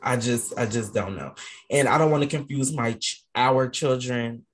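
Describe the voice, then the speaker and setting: A man co-hosting a casual podcast, thinking aloud in a hesitant, unhurried way. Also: medium pitch. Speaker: podcast co-host.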